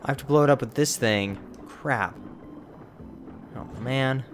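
Slow-talking man grumbling through gameplay. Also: mid-range voice, slight background noise. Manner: grumbling, exasperated, mild minced oaths. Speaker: let's play host. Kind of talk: casual gameplay commentary.

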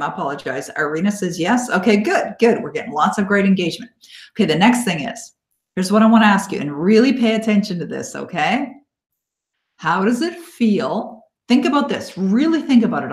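A woman's voice: mid-range voice, animated. Upbeat woman coaching a live webinar, echoey. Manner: encouraging, upbeat, thanks listeners by name; slow, coaxing guidance in visualization parts. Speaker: self-help coach hosting a live webinar. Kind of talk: live online coaching session. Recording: echoey room.

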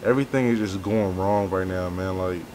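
A young man swearing and venting through gameplay commentary, with loud outbursts that sink into low, weary muttering. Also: normal speed, a little hiss or hum. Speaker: gaming YouTuber.

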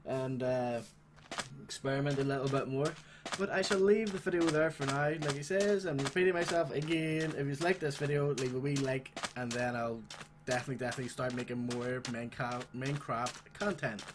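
A man hosting a gaming channel, chatting casually and swearing excitedly as he plays a game. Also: mid-range voice, fairly quick, noisy background. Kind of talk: casual gameplay commentary.

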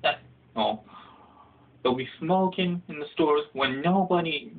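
A young man telling a comedic, profane story in a casual ranting way, jumping into high shouted voices for the people he quotes. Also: unhurried, gravelly. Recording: phone-like lo-fi audio.

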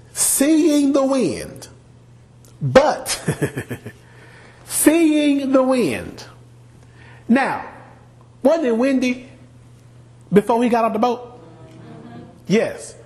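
Animated preaching man, slow and lively. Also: high-pitched. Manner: animated preaching, asks the congregation questions. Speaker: pastor. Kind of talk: sermon. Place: church sanctuary.

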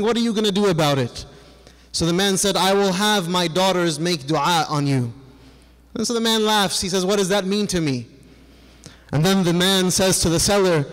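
A man delivering a sermon as a story, speaking earnestly and voicing the people in it himself. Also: sits high. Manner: earnest, quotes the figures of his story in his own voice. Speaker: preacher. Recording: long reverb of a hall.

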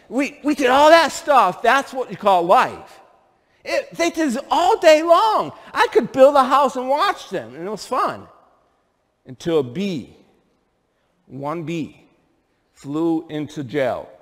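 A middle-aged pastor from upstate New York delivers a sermon with a high voice that leaps all over its range. He spins stories and keeps asking the congregation questions. His voice rings with a long church hall reverb. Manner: animated storytelling with rhetorical questions to the congregation. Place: church sanctuary.

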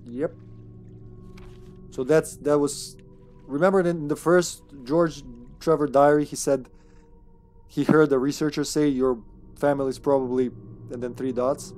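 Game streamer, chatty live commentary, excitable, curses when startled, faint music behind. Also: mid-range voice, moderate pace.

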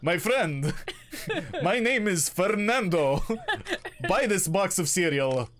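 A cheesy cereal salesman with a thick, put-on Spanish accent, as a man hams it up, pitched well above his own voice and pushed out loudly. He oversells every word like a cheap TV commercial. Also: animated, takes it slowly, exaggerated voice. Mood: hammy. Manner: hammy, overblown sales pitch.

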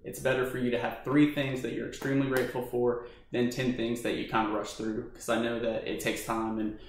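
A man's voice: medium pitch, level tone, a little fast, slight background noise. A man giving earnest, encouraging advice straight to his viewers in a casual vlog. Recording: very echoey room.

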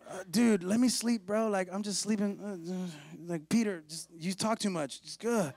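A preacher voicing a laid-back, sleepy Jesus who talks in relaxed slang. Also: male voice, sits high, normal speed, creaky, no room sound. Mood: drowsy. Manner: drowsy, relaxed slang, drawled.

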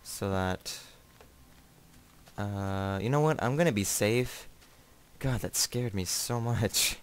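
Young male gamer, slightly low voice, rambling joking commentary, startles easily. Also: takes it slowly, clean tone. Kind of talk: casual let's play commentary.

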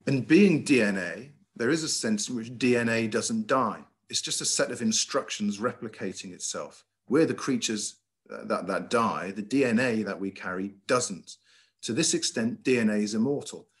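Emphatic middle-aged headmaster lecturing. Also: male voice, fairly low pitch, normal speed. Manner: lively, emphatic, with frequent ums and uhs. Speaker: school headmaster giving a talk. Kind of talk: lecture with slides. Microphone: video call.

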